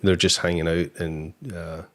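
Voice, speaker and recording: A man hosting a casual live-stream interview, relaxed and easygoing with plenty of fillers. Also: sits low, normal speed. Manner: relaxed, filler-heavy, chuckles. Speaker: host.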